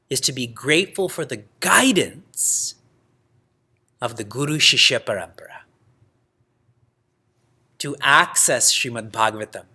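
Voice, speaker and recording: A man teaching a scripture class, telling stories in a lively way, laughing often and using Sanskrit terms. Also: medium pitch, breathy edge. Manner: lively storytelling with frequent laughs. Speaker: spiritual teacher.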